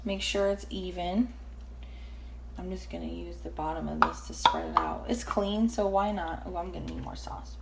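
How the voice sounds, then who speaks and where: A woman's voice: fairly low pitch, expressive, normal speed, vocal fry, heavy background noise. Chatty woman rambling through a cooking vlog. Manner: chatty, rambling, self-deprecating asides. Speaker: cooking vlogger. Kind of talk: casual cooking demonstration. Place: home kitchen.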